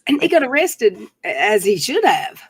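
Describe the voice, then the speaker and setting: A woman talks loosely and casually as she hosts a live stream, trailing off into fillers as she goes. Her voice sits at an ordinary middle pitch. The sound is close and dry. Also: sing-song, moderate pace, breathy edge, dry recording. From North Carolina. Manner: chatty, rambling with fillers. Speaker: stream host.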